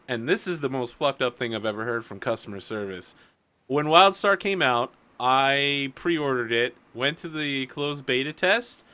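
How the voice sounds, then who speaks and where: A man's voice: fairly high pitch, smooth. A man running a tabletop game, chatting casually and ranting with lots of swearing before play starts. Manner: ranting, profane, animated storytelling. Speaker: game master.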